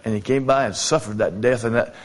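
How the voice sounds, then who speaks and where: A man preaching as an evangelist, telling folksy stories with halting fillers and repeated phrases. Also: medium pitch. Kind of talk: sermon.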